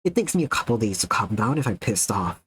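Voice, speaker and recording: Fairly low-pitched and husky, a man talks quickly while streaming, excitedly reacting to viewers' messages with constant laughter and open swearing. The low-quality recording has no room sound.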